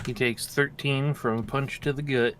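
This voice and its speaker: A man's voice: medium pitch, fairly even intonation, moderate pace, fairly bright tone, a little hiss or hum. A man playing a tabletop game, joking and teasing in casual chat. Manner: playful, jokey and teasing. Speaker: player.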